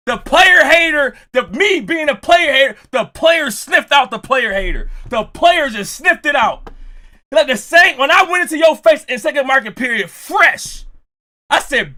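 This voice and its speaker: A young man telling a story with jokes, acting out quotes and often shouting. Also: very high voice, animated, moderate pace. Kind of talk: animated storytelling.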